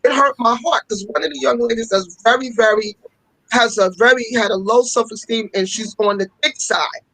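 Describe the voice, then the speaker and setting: A woman's voice: on the high side, normal speed, fairly bright tone, dry recording, rough recording. A woman who runs a fashion school, speaking as an interview guest and telling stories with passion, often repeating herself for emphasis. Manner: passionate storytelling with repetitions. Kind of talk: casual interview talk.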